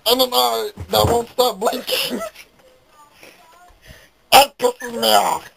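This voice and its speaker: Man doing a silly young guy, heavy vocal fry, stammering, rambling, giggly, faint hiss behind. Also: extremely high pitch, fairly even intonation, slow pace, heavily acted. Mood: goofy. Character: goofy self-mocking young man, rambling and excitable. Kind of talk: comic character monologue.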